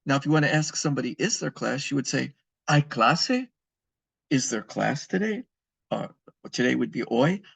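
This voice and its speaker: A man's voice: medium pitch, lively intonation, a little fast, gravelly, breathy edge, no room sound. A man teaching a beginner language lesson, patiently repeating and spelling out words for his students. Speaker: Spanish teacher. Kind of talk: recorded classroom lesson.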